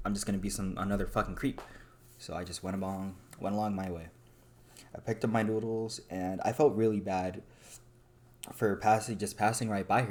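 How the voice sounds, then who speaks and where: A young man with a very low voice talks through his day in a loose, confessional vlog. He rambles and runs himself down. He swears in passing. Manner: rambling, self-deprecating, swears casually. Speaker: vlogger. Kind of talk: casual confessional monologue.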